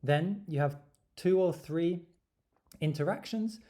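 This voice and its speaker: A man giving an exam tips lesson, lively and stressing his words. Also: medium pitch, normal speed. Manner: lively, stresses words, acts out sample dialogue. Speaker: English teacher.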